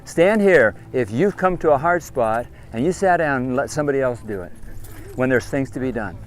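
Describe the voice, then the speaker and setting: Soft background music plays as a man leading kids outdoors scolds them sternly, rattling off question after question and command after command. He speaks at normal speed in an animated, mid-range voice.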